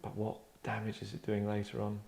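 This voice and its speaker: Low-pitched middle-aged man, rambling casual chat, acts out quotes. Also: completely flat delivery, brisk, darkish tone. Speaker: writer and podcast host. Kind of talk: casual discussion.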